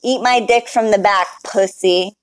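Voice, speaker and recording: A woman ranting loudly at a chat troll, mocking and profane. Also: unhurried. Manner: loud, mocking, profane, high-pitched.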